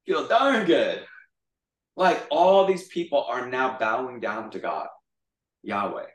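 This pastor's voice sits in the mid-range, and he takes his time as he tells a story in a loose, lively sermon. Picked up from afar, his conversational delivery rings through a reverberant room.

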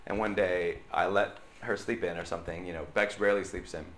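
A man delivers a conversational sermon, weaving stories into his message and stopping to check in with his listeners. His voice sits a little low but sounds bright and forward. The sound bounces around a roomy church hall. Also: fairly even intonation, a little fast, a little hiss or hum. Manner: chatty, checks in with the crowd with tag questions. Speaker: pastor.

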